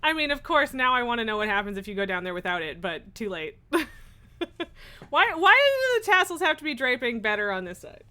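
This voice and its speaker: Very animated and a little fast, a young woman with a fairly high, sharp voice chats during a game stream. She giggles a lot and uses many fillers as game music plays beneath her.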